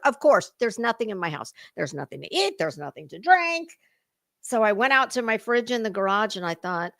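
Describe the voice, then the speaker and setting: Animated, profane woman livestream host. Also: fairly high pitch, normal speed, gravelly, no echo, studio quality. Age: middle-aged. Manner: chatty, blunt and profane, talks to chat viewers. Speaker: political commentary livestream host. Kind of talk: casual live-stream chat.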